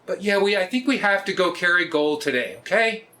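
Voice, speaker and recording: A man, hosting a casual cooking vlog in a joking, often loud way. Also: sits high, expressive, a little fast. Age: 60s. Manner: jokey, often laughs and raises his voice. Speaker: cooking video host.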